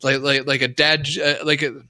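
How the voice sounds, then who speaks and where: A man's voice: mid-range voice, little pitch movement, a little fast, pushed and bright. A man co-hosting a casual podcast chat about old games, rambling with lots of restarts and fillers. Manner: rambling, many restarts and fillers, self-mocking. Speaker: podcast co-host.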